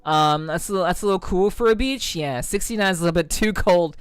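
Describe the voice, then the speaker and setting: A woman's voice: fairly low pitch, fast, smooth, no echo. A woman streamer from New Jersey chatting casually with viewers, rambling, repeating herself and swearing cheerfully. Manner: rambling, stammering restarts, cheerfully profane. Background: faint music.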